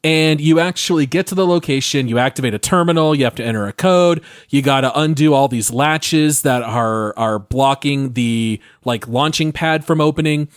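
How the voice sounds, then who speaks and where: A man's voice: mid-range voice, moderate pace, few pauses, smooth, no echo. Man, gaming podcast co-host, step-by-step recounting, dry close recording. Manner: describes events step by step. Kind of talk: casual gaming podcast chat.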